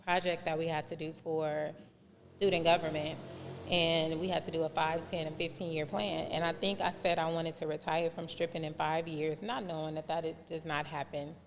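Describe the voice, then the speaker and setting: A woman with a fairly low voice tells her life story on a podcast and acts out every quoted line. The room adds a long, hanging reverb, and faint ambient noise sits under her words. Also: moderate pace. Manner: animated storyteller who acts out quoted dialogue. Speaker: podcast guest.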